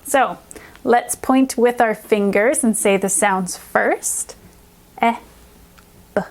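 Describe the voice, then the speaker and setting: A female reading specialist leads a children's phonics lesson in a fairly high, upbeat, encouraging voice. She stretches out the sounds slowly and carefully.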